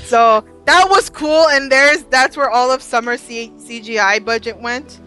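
A young woman co-hosting a podcast, chatting casually about a TV episode, swearing freely and throwing in quick asides. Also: a little high, sharp tone, clear, resonant tone, faint music behind, rough recording. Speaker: podcast co-host. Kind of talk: casual chat.

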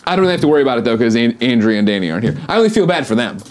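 A man co-hosting a show in casual comedic chat, with an animated, jokey manner and some swearing. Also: medium pitch, very fast, a little hiss or hum. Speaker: co-host.

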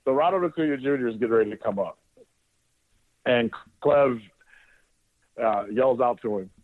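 A man's voice: mid-range voice, moderate pace. A male sports radio host telling a casual, rambling story on air, sometimes swearing and often restarting his sentences. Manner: rambling, profane, with frequent restarts. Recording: dry, narrowband phone-like audio.

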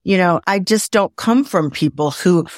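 Low-voiced woman telling lively stories. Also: normal speed, dry recording, studio quality. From Midwest of the United States. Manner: lively anecdotes, acts out her own inner voice. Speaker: guest. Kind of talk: conversational storytelling. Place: home, indoors.

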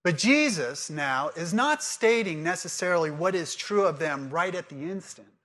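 Guy preaching a sermon, high bright voice, quizzes the crowd then teaches earnest. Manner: lively call-and-response with the congregation; earnest teaching, reads scripture aloud slowly. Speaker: pastor.

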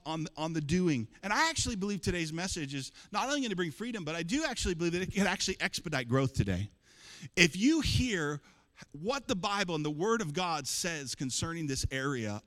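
A man preaching a sermon as pastor, emphatic and calling on the congregation to answer back. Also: a little high. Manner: emphatic, calls for congregation responses. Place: church hall. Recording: long hall reverb.

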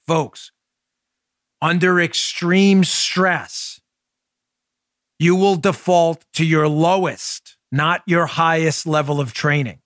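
Man, 40s, Queens New York accent, emphatic podcast host, slightly high voice, dry close mic. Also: steady tone, takes it slowly, no room sound. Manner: emphatic, loud, rhetorical questions. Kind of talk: political commentary monologue. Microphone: studio microphone.

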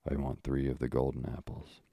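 A man reading a storybook, voicing a bold young hero who shouts back defiantly. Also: very deep voice, completely flat delivery, brisk, gravelly, no echo, clean studio sound, full character voice. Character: bold young male hero, quick to anger.

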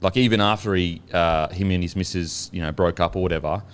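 A man's voice: low-pitched, fairly quick. An Australian man co-hosting a podcast, chatting casually, rambling and swearing as he tells stories. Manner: swearing, laughing, rambling storyteller. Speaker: podcast co-host. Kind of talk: casual banter.

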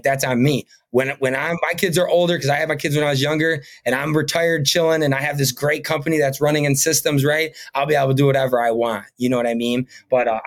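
Earnest rambling man in a podcast interview. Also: mid-range voice. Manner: earnest, rambling, fillers and "right?" tags. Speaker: podcast guest, painting company owner. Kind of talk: casual interview talk.

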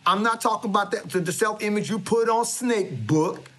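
A man's voice: high-pitched, moderate pace, a bit bright. A man giving a swaggering, preachy comedic monologue with lots of stammering restarts. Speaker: comedic motivational speaker character.

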